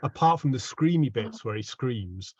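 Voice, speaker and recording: A man playing a tabletop game who narrates his character's antics in a lively way, laughing often. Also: medium pitch, normal speed, breathy edge, dry recording. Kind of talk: animated in-character storytelling. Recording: dull, dry home mic audio.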